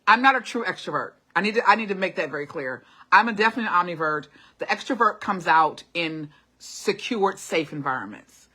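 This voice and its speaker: A woman's voice: on the low side, animated, fairly quick, hardly any pauses, pushed and bright, husky. A middle-aged woman hosting a live motivational talk, encouraging viewers with repeated short urgings and frequent laughter. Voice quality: classically trained singer. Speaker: host of a live motivational stream. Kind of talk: casual motivational talk reading live comments.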